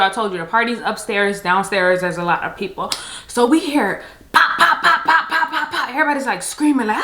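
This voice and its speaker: Young woman vlogger, animated casual storyteller; bright tone, room echo. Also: mid-range voice. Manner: animated retelling, fillers like "like" and "y'all".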